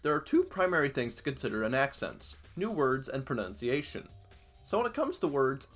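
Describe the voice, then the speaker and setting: Narrating an educational video essay with a joking, laid-back style, this Midwestern man from Iowa sounds very animated. His medium-pitched voice has a fairly bright tone and normal speed, with faint background music underneath.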